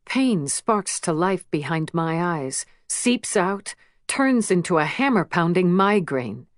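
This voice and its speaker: A woman narrating an audiobook in a measured, emotional first-person reading. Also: on the low side, big pitch swings, no echo, clean studio sound. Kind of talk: scripted narration.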